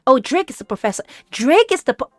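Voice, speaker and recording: A woman's voice: high voice, sing-song, brisk, no room sound, faint music behind. Host streamer, woman, raised voice, reads aloud and laughs in disbelief, casual banter. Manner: incredulous, laughing, stumbling over words. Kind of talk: casual chat, reading a script aloud with reactions. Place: home streaming setup.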